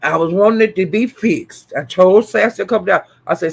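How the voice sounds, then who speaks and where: A man talks straight to his viewers in a casual, profane livestream rant. He circles back on the same phrases again and again, swinging between fired-up declarations and lower, steadier reassurance. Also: fast talker, gravelly, few pauses. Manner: animated, profane, repeats phrases for emphasis. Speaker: online commentator.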